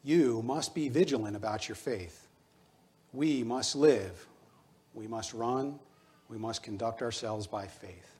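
A man's voice: lowish voice, measured pace, a little mellow. A middle-aged man preaching a sermon as pastor, earnest and exhorting, weaving in personal stories.

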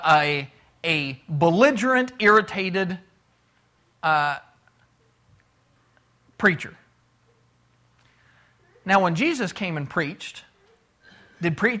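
A man's voice: sits high, bright, forceful tone. A middle-aged man teaching a casual Bible class lesson, talking conversationally and putting questions to the class.

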